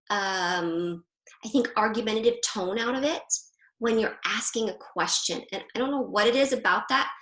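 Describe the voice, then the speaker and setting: A chatty, animated woman with a mid-range voice coaches over a video call, quick to laugh. She's a Christian marriage coach hosting a women's group in a casual live online session, and the recording has a roomy echo.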